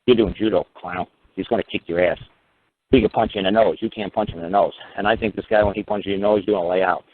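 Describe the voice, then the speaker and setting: A man's voice: on the low side, steady tone, very fast. Blunt profane man on a phone line. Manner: blunt, profane, emphatic, with frequent asides. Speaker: common-law teacher. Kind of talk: casual storytelling talk on a radio call. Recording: phone-like narrow sound.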